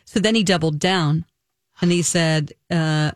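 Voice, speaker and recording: A woman's voice: sits low, measured pace, no echo, studio quality. A woman co-hosting a morning radio show, telling gossip in a giggly, chatty way. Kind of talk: casual morning radio chat.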